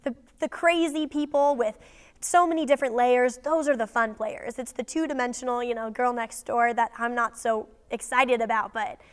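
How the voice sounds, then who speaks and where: A woman's voice: on the high side, steady tone, normal speed, smooth. A young adult woman speaking in a casual interview about her acting career, bubbly and enthusiastic. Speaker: actress interviewee.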